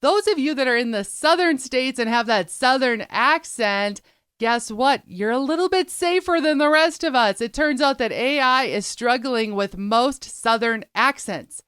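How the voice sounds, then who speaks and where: Chatty woman co-host, smooth voice. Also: high-pitched, expressive, a little slow, fairly bright tone, no room sound, studio quality. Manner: chatty, storytelling, laughs easily. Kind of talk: casual news chat.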